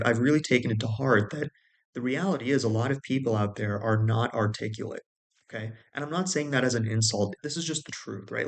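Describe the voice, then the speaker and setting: A man speaking straight to the viewer in a relaxed, explanatory way. His voice sits at an ordinary middle pitch. He often repeats words as he finds his phrasing and keeps checking that the listener follows. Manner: conversational, many restarts and "right?" checks. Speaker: video host. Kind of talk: casual explanatory talk.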